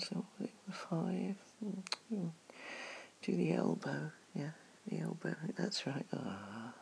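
A person doing a whispered role-play, murmuring softly and sleepily as an unwell partner being cared for. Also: medium pitch. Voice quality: gravelly creak. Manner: soft, sleepy, affectionate murmuring.

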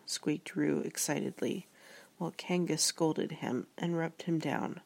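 A woman reading an audiobook with a low voice and a gravelly edge of vocal fry. She narrates in a measured, reflective way, giving each idea room. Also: fairly even intonation, darkish tone.

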